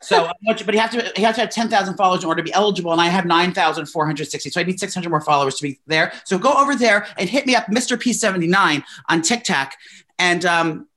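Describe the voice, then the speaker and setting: A man's voice: high-pitched, quick pace, pushed and bright. A man co-hosting a podcast, chatting casually in a campy, playful way. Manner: campy, playful, calls people "girl". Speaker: podcast co-host. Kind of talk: casual chat.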